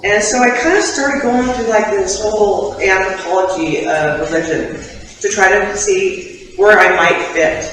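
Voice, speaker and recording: A woman's voice: medium pitch, very animated, unhurried, a bit bright. A woman sharing her personal faith testimony with a church congregation, candid and conversational, with ums and laughing asides. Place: church sanctuary. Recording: echoey hall, voice from far off the mic.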